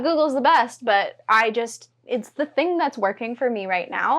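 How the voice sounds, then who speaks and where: A woman vlogger talking casually and enthusiastically to camera, with frequent filler words. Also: mid-range voice. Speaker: writing vlogger.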